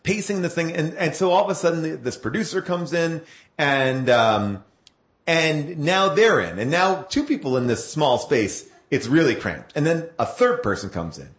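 A man tells a story as a guest, his pitch swinging widely as he goes. He rambles and corrects himself often, piling up fillers, and the room adds a clear echo to his voice. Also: sing-song, moderate pace. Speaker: actor telling a story as a guest. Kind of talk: animated anecdote telling.

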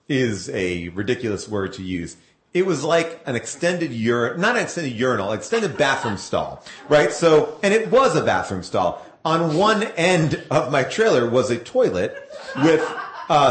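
A man tells a story as a guest, his pitch swinging widely as he goes. He rambles and corrects himself often, piling up fillers, and the room adds a clear echo to his voice. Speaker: actor telling a story as a guest. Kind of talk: animated anecdote telling.

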